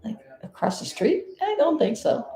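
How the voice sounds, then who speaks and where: A woman's voice: sits high, sing-song, moderate pace, roomy sound, crowd noise. A woman from South Florida giving blunt, indignant live commentary as a vlogger, swearing freely.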